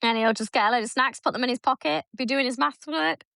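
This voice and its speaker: A woman tells family stories at a quick clip, her voice sitting a little high. She slips into the lines of the people in her stories as she goes. The sound is close and dry, with no room around it. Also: creaky, dry recording. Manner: animated storytelling, acts out her son's lines. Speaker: podcast co-host. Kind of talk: casual chat.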